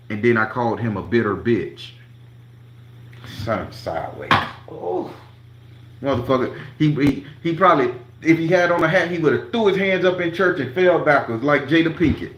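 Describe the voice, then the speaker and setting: A man's voice: a little high, animated, normal speed, fairly bright tone, roomy sound. A man telling a profane story to his channel, acting out each quote with emphasis. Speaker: tarot reader and channel host.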